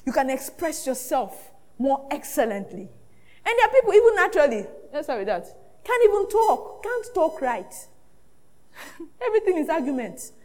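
A woman pastor preaching a sermon, lively and often laughing, acting out the voices she quotes. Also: high-pitched.

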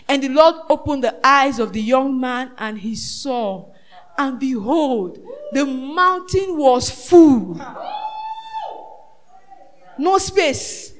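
A woman preacher with a high voice, delivering a sermon in bursts. She rises to shouts and falls to near-whispers, and often asks the congregation questions. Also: lively intonation, slow, long pauses. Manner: dramatic, swinging between shouted peaks and hushed asides.

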